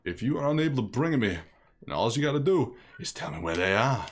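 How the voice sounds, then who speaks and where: A man voicing a gruff, bossy male mob boss in a slow, clipped tough-guy gangster drawl. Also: mid-range voice, sing-song. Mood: scheming.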